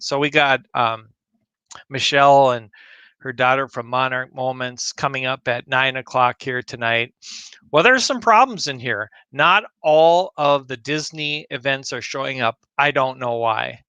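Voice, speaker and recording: A man hosting a community news livestream, rambling casually as he clicks through a website and greets viewers by name, a bit choked up and clearing his throat. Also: medium pitch, bright, forceful tone, no echo, dull audio. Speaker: livestream host.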